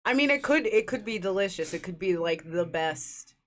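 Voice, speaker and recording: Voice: mid-range voice, lively intonation, moderate pace, fairly bright tone. A podcast co-host in casual chat, easygoing and amused.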